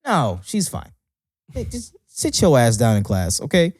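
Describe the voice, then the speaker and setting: A man's voice: mid-range voice, unhurried, no echo, clean studio sound. A man co-hosting a podcast, telling stories in a casual, profane, ranting way. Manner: animated, profane ranting storyteller. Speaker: podcast co-host. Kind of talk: casual chat.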